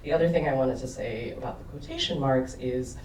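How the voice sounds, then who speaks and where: A man's voice: medium pitch, fairly quick, darkish tone. A man speaking as a panelist after a film screening, hesitant with many ums and a dry sense of humor. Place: cinema auditorium. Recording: echoey cinema, distant mic, noisy.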